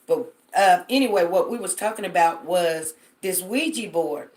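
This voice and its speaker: A woman's voice: fairly low pitch, moderate pace, darkish tone. A woman hosting a casual live stream on her phone, chatting to viewers and telling stories with lots of fillers. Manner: chatty, storytelling, addresses viewers directly, many fillers.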